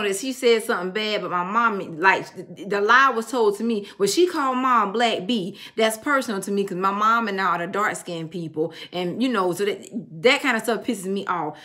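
A woman's voice: on the high side, bright, forceful tone. A middle-aged woman giving a casual tarot reading, blunt and emphatic, telling stories and swearing freely. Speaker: tarot reader.

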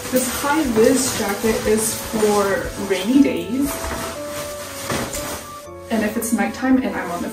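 Music plays beneath a twenty-something woman vlogging to camera, her fairly high voice roomy and far from the mic. She comes across as candid and chatty, with a touch of nervousness.

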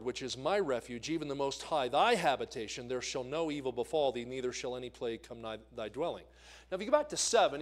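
A man from the American Northeast preaching a sermon as a visiting evangelist, telling stories and putting questions to the congregation. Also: a little high. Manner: storytelling, asks the congregation questions. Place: church sanctuary.

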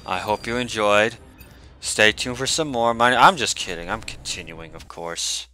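A man giving casual gameplay commentary, excitable, swearing and shouting at the game as he plays. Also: on the low side, measured pace. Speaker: video game player. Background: game music.

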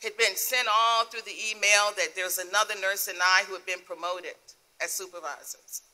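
Middle-aged woman minister, earnest and emotional in sermon testimony, breaks into soft laughs. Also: mid-range voice, steady tone, brisk. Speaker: guest minister.

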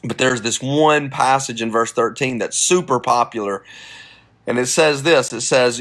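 A man's voice: mid-range voice, normal speed, fairly bright tone. A man, a pastor, giving a casual devotional talk on a podcast, earnest and encouraging, with plenty of fillers, streamed live from a phone. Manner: casual, conversational preaching with many fillers.

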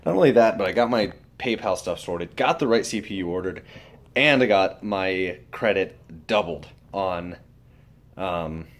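A young man vlogging casually about his computer upgrade and daily routine, swearing freely and swinging between muttered asides and loud, upbeat advice. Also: sits low, expressive, a little slow. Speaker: vlogger and streamer. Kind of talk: casual vlog.

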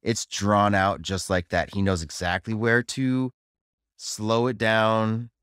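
A male co-host with a lowish voice, talking casually and reacting fast. He comes across with animated opinions, and the sound is dry and close with no room echo. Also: clean tone. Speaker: podcast co-host. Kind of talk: casual chat.

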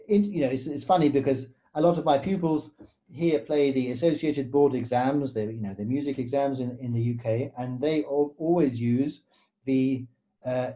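A man's voice: a little high, mellow. A man, a guest pianist, explaining in a storytelling way with frequent fillers and tag questions. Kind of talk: conversational explanation.

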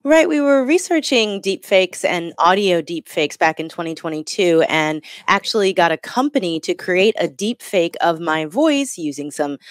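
A woman, a senior correspondent, explaining clearly with light laughs. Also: on the low side, no echo, clean studio sound. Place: Washington, D.C. area studio. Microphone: studio microphone.

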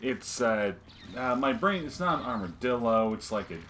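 A man's voice: medium pitch, lively intonation, normal speed, a bit bright, a little hiss or hum. A man joking and swearing while playing a video game with his mother. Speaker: let's play host. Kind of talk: casual gameplay chat.

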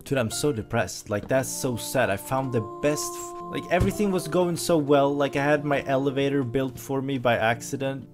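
A man doing excitable let's play commentary, yelping when startled. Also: medium pitch, moderate pace, few pauses, over music. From Sweden. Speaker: gameplay commentator.

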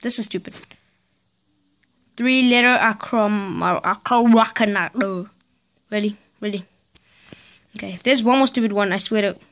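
A woman's voice: mid-range voice, unhurried, long pauses, a bit bright. A woman vlogger ranting in a casual, sarcastic, exasperated way, spelling out letters in disbelief. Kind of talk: casual vlog rant.

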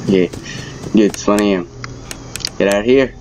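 A man doing let's-play commentary while playing a horror game, jumpy and quick to cry out when startled, recorded on a headset. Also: on the low side, dark tone, a little hiss or hum, poor audio. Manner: jumpy, exclaiming, easily startled.

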